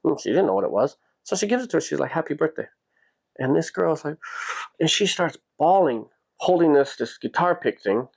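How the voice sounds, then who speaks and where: A man hosting a podcast, telling a personal story in a casual, animated way and jumping his pitch up when he quotes people. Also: a little fast, vocal fry. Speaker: podcast host.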